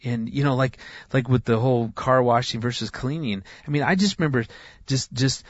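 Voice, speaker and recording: Middle-aged man, earnest guest, halting, restarts often, dry and slightly muffled. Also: mid-range voice, dry recording. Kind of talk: casual chat.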